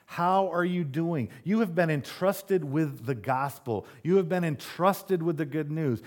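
A man pastor giving a conversational sermon, telling stories and getting more animated as he goes. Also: measured pace. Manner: conversational preaching, storytelling, rises in pitch when animated.

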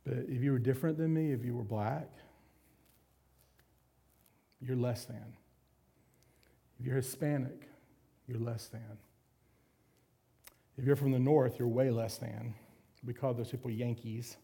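A man's voice: medium pitch, fairly even intonation, moderate pace, vocal fry, long pauses, dark tone, husky. A man preaching a sermon as a pastor, candid and confessional with self-deprecating humor.

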